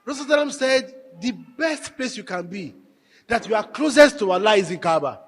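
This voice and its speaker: A man giving a marriage workshop talk to a live audience, telling stories with animated, emphatic repetition. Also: high-pitched, normal speed. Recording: echoey hall with long reverb.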